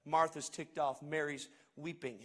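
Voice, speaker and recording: A man preaching a sermon as pastor, swinging between shouted, sing-song passages and hushed, conversational asides. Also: fairly high pitch, little pitch movement, a little slow.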